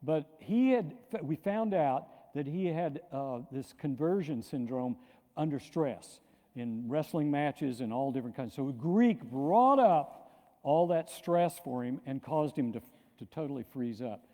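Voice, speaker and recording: A man's voice: a little high, a little slow. Older man lecturing in an echoey hall. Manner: lively, animated storyteller with frequent restarts. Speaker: pastor giving a lecture. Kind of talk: storytelling lecture. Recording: long hall reverb.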